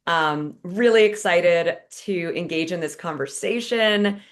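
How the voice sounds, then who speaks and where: Woman, author hosting, lowish voice, enthusiastic, chatty, video call. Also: unhurried. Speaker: author and host. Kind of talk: virtual fireside chat.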